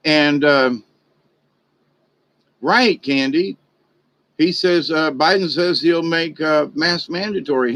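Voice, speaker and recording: A vlogger with a fairly high male voice chats through a rambling, folksy monologue on a rough recording. He turns lively when repeating what was said in past exchanges.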